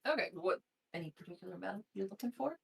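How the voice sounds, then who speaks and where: A woman's voice: mid-range voice, animated, fast talker, creaky, fairly bright tone, husky. A woman player in a tabletop role-play, blunt and practical in character, haggling over pay.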